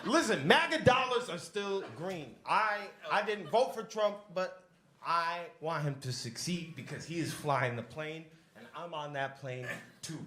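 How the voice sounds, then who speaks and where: A man's voice: fairly high pitch, lively intonation, unhurried, pushed and bright, a little hiss or hum. A young man doing a stand-up set with crowd work, in a loose, rambling, profane way. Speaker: stand-up comedian. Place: basement comedy club. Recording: echoey club room, audience laughter.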